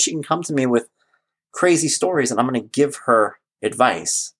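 Animated dad telling stories. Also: male voice, mid-range voice, a little fast, husky. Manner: animated, acts out quoted voices. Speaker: host. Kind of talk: casual storytelling monologue.

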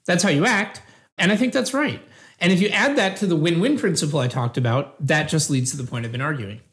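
A man reading the part of an earnest debater who defends utilitarian ethics in a scripted philosophical dialogue, measured and patient. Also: fairly high pitch, fairly bright tone, natural voice. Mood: calm.

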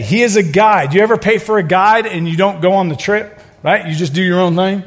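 A middle-aged male pastor preaching a sermon, telling stories with joking asides and building to loud exclamations. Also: high voice, normal speed.

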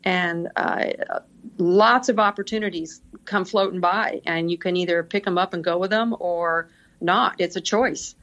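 A woman's voice: on the low side, steady tone, measured pace, fairly bright tone, muffled recording. A middle-aged woman, a podcast guest, telling work stories casually and laughing often. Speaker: podcast guest, senior executive assistant. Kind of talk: casual interview storytelling.

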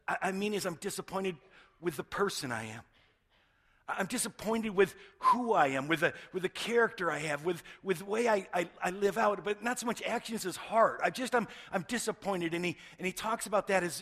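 A middle-aged man, a pastor, preaching a sermon in an earnest way, often restarting words and swinging between loud stresses and hushed lines. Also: high-pitched.

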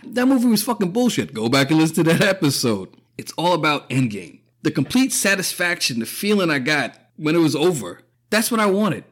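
Emotional man with a slightly high voice. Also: very animated, fairly quick, hardly any pauses, fairly bright tone. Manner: emotional, profane, choking up with frequent laughs. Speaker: podcast host. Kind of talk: casual opinion monologue.

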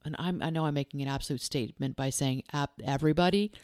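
A woman's voice: low voice, quick pace, a little mellow, no echo, clean studio sound. A woman who works as a life coach and hosts a podcast. She talks earnestly and directly, firing off strings of probing questions and repeating key phrases for emphasis.

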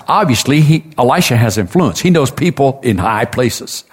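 A man preaching a sermon at middle pitch. He tells the story in plain, conversational words, breaks off for asides, and voices the people in it. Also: expressive, moderate pace, few pauses, slightly rough. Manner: storytelling with chuckles and asides, acting out quotes.

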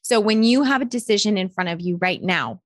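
A woman's voice: medium pitch, expressive, a little fast, no echo, studio quality. A woman in her thirties hosting a motivational podcast, talking emphatically and candidly and swearing freely, recorded in a hotel room. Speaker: podcast host.

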